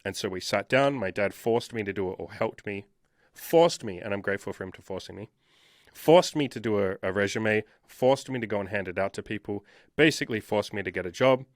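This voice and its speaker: A man tells his own story candidly, blunt and emphatic, with frequent swearing. His voice sits somewhat low, and the recording is dry and close. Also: a little fast, no echo. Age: 30s. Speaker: interview guest, dating coach.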